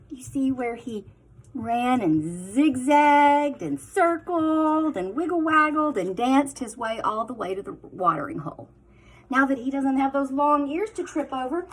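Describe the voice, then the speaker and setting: A woman teacher reading a picture book aloud to children, with expressive storytelling and hushed asides. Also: high-pitched, slightly rough.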